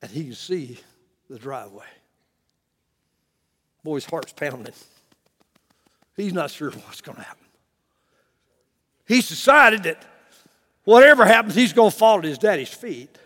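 A man preaching and telling a story, swinging from loud to hushed with chuckling asides. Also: high voice, big pitch swings, measured pace, pauses often, big-room sound. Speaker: pastor. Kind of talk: sermon storytelling. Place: church.

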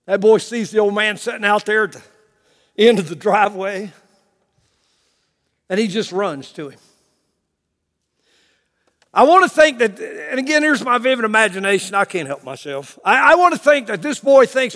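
A preacher tells a story in a sermon, his voice sitting high for a man. He swings between loud bursts and hushed lines, with chuckling asides. A long reverb trails him through the church. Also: animated, moderate pace, long pauses. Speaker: pastor.

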